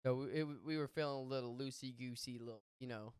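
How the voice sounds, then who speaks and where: A young man hosting a podcast, telling a story in casual chat, animated and profane with quick asides. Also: medium pitch, clean tone, dry recording, studio quality. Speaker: podcast host.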